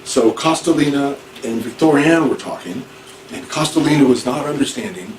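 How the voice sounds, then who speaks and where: Distant teacher in an echoey classroom. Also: male voice, mid-range voice, lively intonation, moderate pace. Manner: informal, repeats and restarts, acts out examples. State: hard of hearing. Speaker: ESL teacher. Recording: echoey room, far from mic, faint noise.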